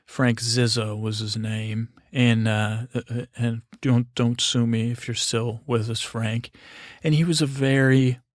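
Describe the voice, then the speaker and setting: A man telling a meandering bedtime story in a halting, wry, self-deprecating way, with many fillers and restarts. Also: medium pitch, little pitch movement, no room sound, studio quality.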